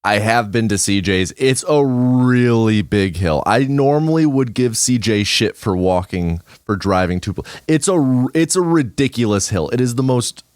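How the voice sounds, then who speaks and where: A man's voice: mid-range voice, expressive, moderate pace, hardly any pauses, darkish tone, clear, resonant tone, dry recording, studio quality. A man co-hosting a podcast in casual chat, teasing and chiming in with wry remarks. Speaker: podcast co-host.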